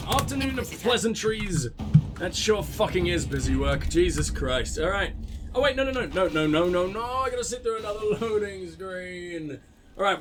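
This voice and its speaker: A man casually commentating a game he is playing, with crude, sarcastic, profanity-laced banter. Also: a little high. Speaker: gaming video host. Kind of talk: casual let's play commentary.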